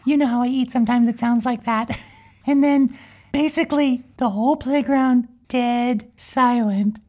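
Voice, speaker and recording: Woman playing a high, giggly little unicorn girl for a comedy podcast, rambling and mischievous. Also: fairly even intonation, unhurried, darkish tone, a little hiss or hum, natural voice. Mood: chatty. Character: cheerful young magical unicorn girl, mischievous. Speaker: podcast character. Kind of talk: improvised comic storytelling.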